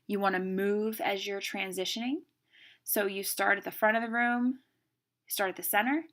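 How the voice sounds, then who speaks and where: A middle-aged woman teaching a class on speaking, brisk and emphatic, demonstrating stress and pauses as she goes. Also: medium pitch, fairly bright tone. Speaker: speech instructor. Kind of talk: classroom lecture.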